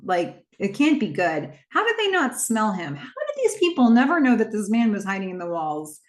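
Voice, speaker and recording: A woman's voice: mid-range voice, huge pitch swings, normal speed, roomy sound. Chatty woman recapping a movie. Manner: chatty, breezy retelling with asides and little acted quotes. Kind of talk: casual movie plot recap.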